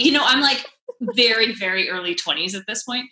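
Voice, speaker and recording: A woman who works as a sex therapist, guesting in a casual chat, expressive and candid, swearing and laughing. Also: medium pitch, a little fast, roomy sound.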